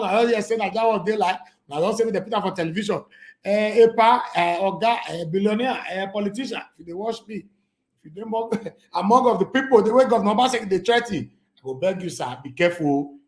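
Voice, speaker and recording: A high-voiced Nigerian man with a Pidgin accent hosts an online news show. He reads articles aloud, then slips into lively, chatty commentary. The room around him rings with echo. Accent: Nigerian Pidgin English. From Edo State, Nigeria. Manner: animated, shifts between reading and chatty asides. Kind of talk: news reading mixed with casual commentary.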